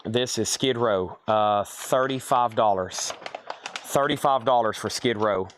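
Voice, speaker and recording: A man's voice: on the low side, a little slow, fairly bright tone, a little hiss or hum. A man hosting a live online sale, calling out prices and buyers' names and thinking aloud as he sorts items indoors. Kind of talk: live auction selling.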